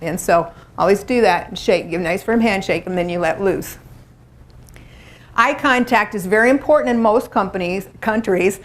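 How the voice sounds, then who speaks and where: A woman's voice: medium pitch, normal speed. Chatty woman giving a live seminar. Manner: conversational, chatty, acts out little quotes. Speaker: workshop presenter. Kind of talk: live seminar talk to a room.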